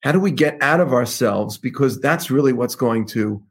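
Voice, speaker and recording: A man's voice: medium pitch, moderate pace, husky. A man, a rabbi hosting an interview, asking thoughtful questions and dropping in Hebrew terms. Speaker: rabbi and podcast host. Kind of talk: interview conversation.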